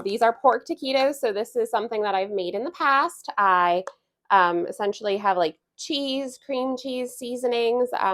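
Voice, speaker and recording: A woman in her thirties chatting casually through a home cooking vlog in her kitchen, relaxed, with small laughs and fillers. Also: medium pitch. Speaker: homestead cooking vlogger.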